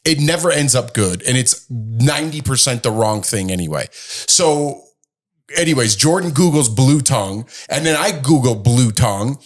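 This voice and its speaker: A man co-hosting a relaxed chat show, sitting at middle pitch. He rambles through a story, restarting sentences and bouncing into voices for each quoted line. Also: moderate pace. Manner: rambling, animated storyteller who acts out quotes. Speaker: podcast co-host.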